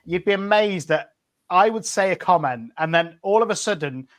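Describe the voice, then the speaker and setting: British male host, slightly raised pitch, relaxed anecdotal chat. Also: moderate pace. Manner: chatty, anecdotal, laughs easily. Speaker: livestream host. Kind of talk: casual chat.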